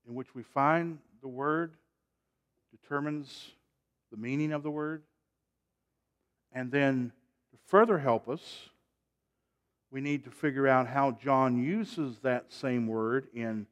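Here a man with a mid-range voice preaches, moving from forceful, loud exhortations to hushed, stretched-out lines while inviting the congregation to answer back. The highs in the audio are cut off.

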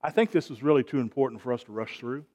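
A man preaching a sermon, emphatic, with call-and-response and loud rising peaks. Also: mid-range voice, fast.

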